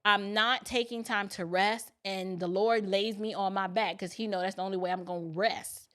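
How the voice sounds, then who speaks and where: A woman's voice: medium pitch, steady tone, moderate pace, fairly bright tone. A middle-aged woman who grew up in New York City, hosting a casual livestream and chatting in a folksy way straight to her viewers. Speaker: livestream host.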